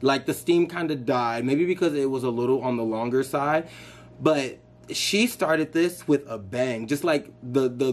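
A man giving casual, excitable reaction commentary on an album he is hearing. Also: mid-range voice. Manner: excitable, chatty, gushing. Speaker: music reaction vlogger.

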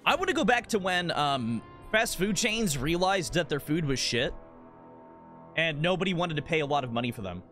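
A man streaming a game, chatting casually in a rambling, profane, animated rant. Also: fairly high pitch, moderate pace, soft background music.

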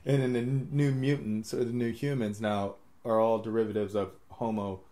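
A man's voice: on the low side, little pitch movement, normal speed, warm tone. A man hosting a podcast, rambling through his ideas in casual chat, laughing often and swearing freely. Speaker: podcast host.

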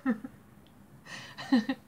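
A woman's voice: extremely slow, darkish tone, slight background noise. An English woman in her sixties telling a family anecdote in a casual, rambling way, laughing between phrases. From England. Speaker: storyteller vlogger.

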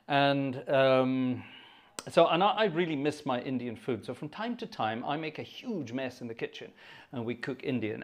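A man hosting an organ music livestream, chatting in a rambling, self-mocking way between pieces and a bit out of breath. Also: mid-range voice. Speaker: host. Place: home room with a digital organ.

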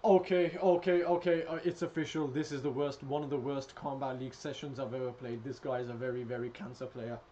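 A man commentating live gameplay, ranting with loud, profane trash talk as the channel host. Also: mid-range voice, steady tone, fairly quick, few pauses, dull audio.

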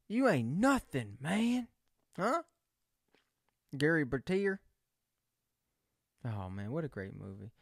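A man's voice: fairly high pitch, no room sound, clean studio sound. A young man rambling casually and joking in a solo video chat, often correcting himself. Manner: rambling, jokey, self-correcting. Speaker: vlogger.

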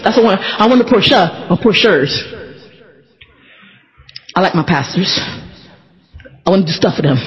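A man telling a funny church story in a casual, animated way, laughing often and putting on voices when he quotes people. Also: high voice, in a large hall, muffled recording. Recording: hip hop music playing behind.

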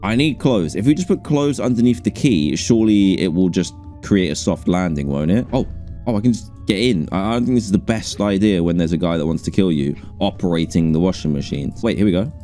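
A man giving live gameplay commentary as a gaming streamer, excitable and jumpy, with frequent laughter. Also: low-pitched, fairly quick, soft background music.

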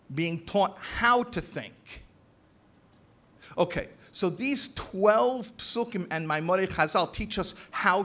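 A man in the role of a rabbi, giving a conference talk to educators. His voice sits a little high for a man, and he hammers his points by repeating phrases and drawing out key words. The delivery is emphatic and deliberate, a teacher building an argument step by step. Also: fairly bright tone. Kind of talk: conference lecture. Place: convention hall.

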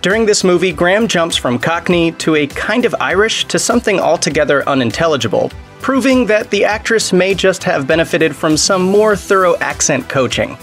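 A man's voice: high voice, expressive, moderate pace, hardly any pauses, a bit bright, soft background music. A man narrating a scripted video in a wry, sardonic tone.

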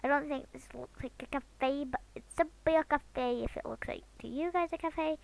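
Woman from britain rambling while she draws, bit high and a bit creaky, loud one sec then whispering. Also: normal speed, hardly any pauses. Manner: chatty and goofy, jumping between loud outbursts and whispers. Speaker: drawing vlogger. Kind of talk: casual commentary while drawing.

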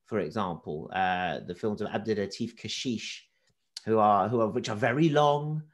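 A man, a film critic and correspondent, talking casually and animatedly about cinema, often restarting his sentences. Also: lowish voice. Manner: animated, halting with many restarts. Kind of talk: casual talk.

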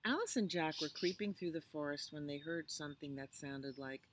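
A librarian woman gently reading a children's bedtime story outdoors at night, slow and hushed. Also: low voice, slight background noise. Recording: outdoors with loud birdsong.

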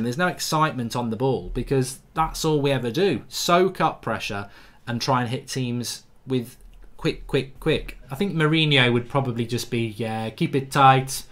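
A man's voice: medium pitch, a bit bright. A man hosting a live football fan reaction stream in a blunt, sarcastic, ranting manner.

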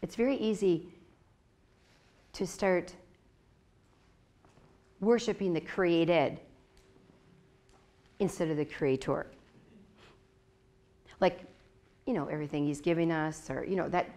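A woman leading a Bible study in a loose, conversational way. Her voice is low and gravelly, and she talks in a confiding tone with many asides to the group. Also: a little mellow. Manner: chatty, confiding, full of asides. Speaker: Bible teacher.

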